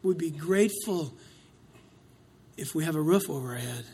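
A man preaching a sermon, swinging between loud outcries and hushed asides, with a dramatic delivery. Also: fairly high pitch, animated, moderate pace, long pauses, slightly rough.

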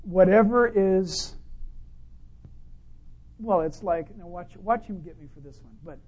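A male pastor preaching a sermon in a conversational, humorous way, full of rhetorical questions and swinging between loud and quiet. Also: high-pitched, a little slow, slightly rough, muffled recording.

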